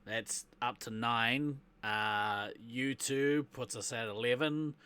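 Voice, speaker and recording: Bright-voiced New man, chatty. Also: mid-range voice, steady tone, slow pace, clean tone. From New Zealand. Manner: rambling, laughs often, trails off quietly. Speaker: podcast co-host. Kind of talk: casual chat.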